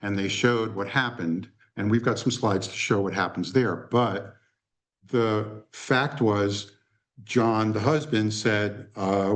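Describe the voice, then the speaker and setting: A man presenting at a conference workshop, telling an anecdote in an animated way and acting out the dialogue. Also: lowish voice, slow.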